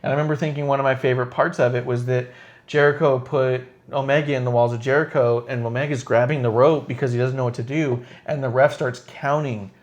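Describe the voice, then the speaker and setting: On a casual wrestling podcast, a male co-host talks fast at a medium pitch, swearing freely and animatedly acting out lines from wrestlers and referees. The audio sounds dull.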